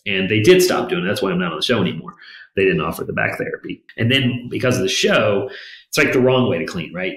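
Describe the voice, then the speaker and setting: A man's voice: low-pitched, lively intonation, fast talker, a bit bright. A man speaking as a podcast guest in a casual interview, telling stories in a rambling way full of fillers. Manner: rambling, filler-heavy storytelling. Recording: roomy echo.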